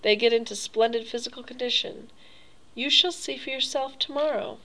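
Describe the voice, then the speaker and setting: A woman's voice: on the high side, normal speed, pushed and bright, pitched above the performer's own voice, rough recording. A woman reading an audiobook, voicing a suave, cruel older male aristocrat with an urbane, mocking manner. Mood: pleasant, menacing. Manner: urbane, mocking, coolly pleased.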